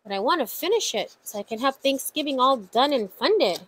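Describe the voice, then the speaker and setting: A woman vlogging about her savings challenges, chatting excitedly to viewers and counting money out loud. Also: high voice, a little fast, noisy background. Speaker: budgeting vlogger. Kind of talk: casual vlog talk to viewers.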